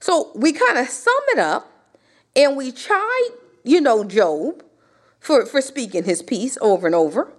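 Lady preacher, slow and drawn out, big swoopy pitch, gets fired up. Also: sing-song. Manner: impassioned, climbing to near cries; conversational preaching with rhetorical questions. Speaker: Bible teacher. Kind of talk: sermon.

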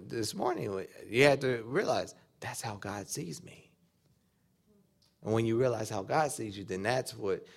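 A man preaching a sermon, acting out quoted dialogue as he teaches. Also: on the low side. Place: church or conference hall.

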